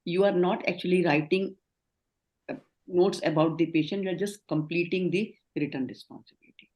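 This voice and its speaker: A woman's voice: lowish voice, steady tone, normal speed, darkish tone. A middle-aged woman with an Indian accent, leading an online training session, explaining and affirming answers. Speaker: communication trainer.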